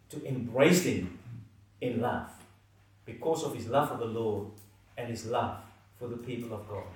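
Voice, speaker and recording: A man preaching a sermon, earnest and emphatic, letting his phrases fall soft at the ends. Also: medium pitch. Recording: echoey hall, mic at a distance.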